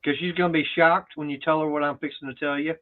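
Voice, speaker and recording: A man's voice: a little high, fairly even intonation, quick pace. Man, casual teasing chat, tinny phone-like audio.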